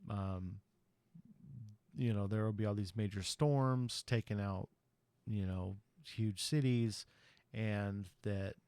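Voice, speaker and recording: Low-voiced man recapping a movie. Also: steady tone, takes it slowly, a little mellow, smooth, dry recording. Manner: rambling, chatty retelling with frequent ums and you-knows. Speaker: podcast host.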